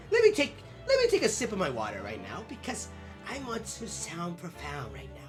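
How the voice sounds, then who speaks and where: A woman's voice: fairly low pitch, normal speed. A woman doing casual let's play commentary on a game, joking around and swearing freely. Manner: animated, jokey, swears freely. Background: game music.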